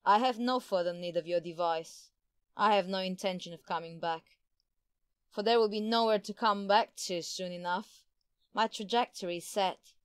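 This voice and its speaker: Man doing female time lord villainess, gloating, scornful, high put-on voice, dry close sound, audiobook. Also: normal speed, clear, resonant tone, no room sound, close to an everyday voice. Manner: scornful, spits words. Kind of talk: audiobook reading.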